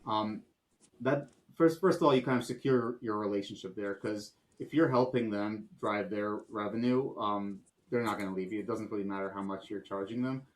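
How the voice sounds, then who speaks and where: A man's voice: on the low side, normal speed, rough recording. A man on a podcast, explaining at length and voicing sample client conversations, with frequent "um"s.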